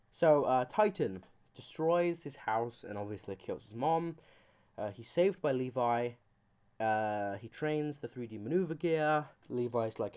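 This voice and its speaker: A man's voice: medium pitch, normal speed, a little mellow. A man giving a comedic anime commentary, rambling and joking with goofy asides. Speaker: YouTuber.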